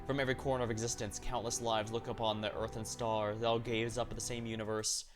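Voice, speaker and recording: A man's voice: fairly low pitch, fast. Man narrating a game story over music. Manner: steady reading with occasional slips and self-corrections. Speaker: streamer reading a game story.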